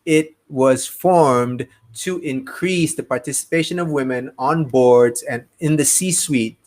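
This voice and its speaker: A man hosting a show, talking in a relaxed, chatty way and correcting himself as he goes. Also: medium pitch, slow pace. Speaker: host. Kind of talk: casual chat.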